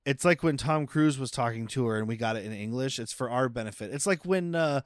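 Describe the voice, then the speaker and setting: A man's voice: mid-range voice, a little fast, no room sound, studio quality. Rambling, jokey man recapping a movie. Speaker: podcast co-host. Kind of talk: casual movie recap chat.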